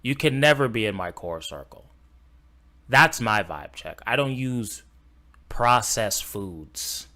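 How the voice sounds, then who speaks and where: A man's voice: medium pitch, lively intonation, takes it slowly, sharp tone. A man from Los Angeles reacting to videos on stream, blunt and mocking, swearing freely. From Los Angeles, USA. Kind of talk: casual reaction commentary.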